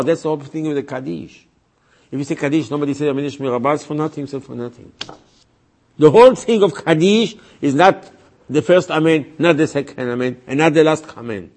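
A man, a rabbi, giving a religious lecture in an emphatic way, repeating his points and acting out voices he quotes. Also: on the high side.

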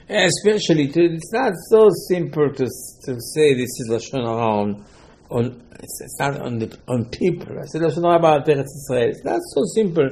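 A man giving a Torah lesson, animated, acting out dialogue with rhetorical questions and mixing Hebrew terms into English. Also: mid-range voice, moderate pace, slight background noise. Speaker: Torah teacher. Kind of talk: Torah lesson on the weekly portion.

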